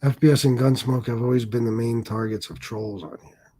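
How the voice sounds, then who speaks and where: A man's voice: medium pitch, steady tone, a little fast, mellow. Defensive, rambling middle-aged man streamer. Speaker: livestream host. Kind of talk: casual livestream monologue.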